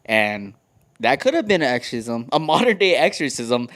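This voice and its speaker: A man's voice: mid-range voice, big pitch swings, normal speed, fairly bright tone. Easygoing young man telling a story. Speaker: podcast co-host. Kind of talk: casual chat.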